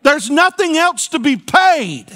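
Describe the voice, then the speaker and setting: Man, pastor, sermon, folksy, playful asides, high voice. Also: sing-song, slow, bright, forceful tone. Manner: folksy, playful preaching with call-and-response asides. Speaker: senior pastor. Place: church sanctuary.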